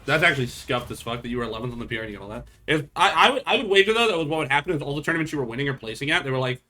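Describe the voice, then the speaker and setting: A man's voice: mid-range voice, animated, racing, bright, forceful tone. A young man streaming, chatting casually with viewers in a blunt, profane, rambling way.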